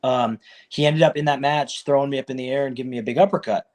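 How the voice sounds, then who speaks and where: A man, a professional wrestler, telling his career story in a casual, animated way and acting out what others said. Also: quick pace. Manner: animated, acts out quoted people with raised pitch; loose and conversational, many fillers like "like" and "you know".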